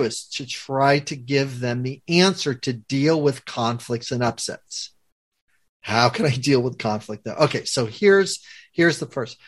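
A man working as a conflict coach, explaining a communication method to a guest and acting out quoted lines as he goes. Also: mid-range voice. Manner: animated teacher, acts out quoted lines.

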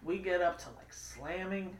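A woman's voice: on the low side, normal speed, slight background noise. A woman telling family stories in casual chat, laughing often as she talks. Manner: laughing, animated storytelling. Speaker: storyteller among family. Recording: roomy, distant mic with crowd.

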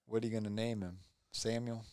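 Teasing chatty man with a smooth voice. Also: fairly low pitch, fairly even intonation, a little fast, darkish tone, no echo. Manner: teasing, rambling storyteller. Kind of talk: casual chat.

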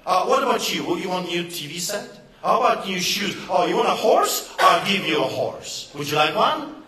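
A man's voice: high-pitched, big pitch swings, normal speed, crowd noise. A man mocking a sweet-talking woman politician who makes eager, empty promises in a wheedling voice, heard in an echoey hall.

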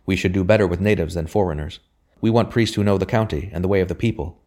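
A man's voice: sits low, fast talker, mellow, lightly acted. A man reading the lines of a shrewd, loyal male servant in a historical novel audiobook, solemn and respectful.

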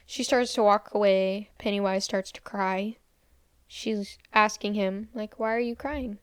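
A young woman retells a movie's scenes in casual podcast fashion, quoting characters and saying "like" a lot. Her medium-pitched voice is smooth and steady, her pace unhurried. The sound is clean studio audio with no room sound.

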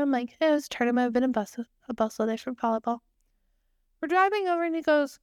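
Young adult woman, podcast co-host, high clear voice, animated storyteller with deadpan punchlines, dry close mic. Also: fast, dry recording. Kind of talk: casual storytelling chat.

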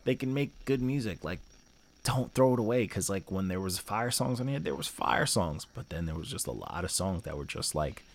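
Male host, low register, loose slangy casual music-chat delivery. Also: big pitch swings, normal speed, creaky. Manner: loose slangy talk, heavy on fillers. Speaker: podcast host.

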